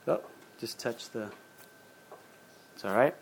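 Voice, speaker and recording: A male pastor whose voice is on the high side preaches at a moderate pace in a conversational style. After reading scripture aloud, he retells it informally in plain words, sprinkled with fillers and restarts.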